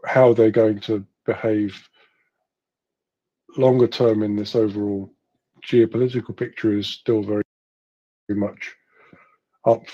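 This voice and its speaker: A man's voice: on the low side, mellow. A man giving his analysis on a live audio panel, thoughtful and hedging his views. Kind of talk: casual analytical discussion. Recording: muffled online audio stream.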